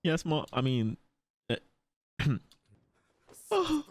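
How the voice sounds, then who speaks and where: A man reacting to an anime episode in casual commentary, swearing and laughing often and jumping into high yelps when startled. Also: wildly swooping pitch, very slow, no echo. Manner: frequent laughter and profanity.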